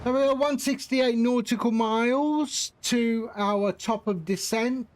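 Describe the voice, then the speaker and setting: A man's voice: extremely high pitch, unhurried, a little hiss or hum. A man casually chatting with his live-stream viewers while flying a simulator, greeting them by name and joking around. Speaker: flight sim streamer.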